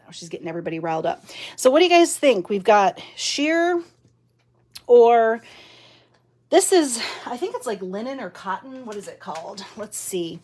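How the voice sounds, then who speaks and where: A woman's voice: a little high, very animated, moderate pace, a little mellow. A woman leading a chatty live-stream craft demo from her home craft room, laughing often and using lots of fillers, recorded by a mounted camera. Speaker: card-making demonstrator.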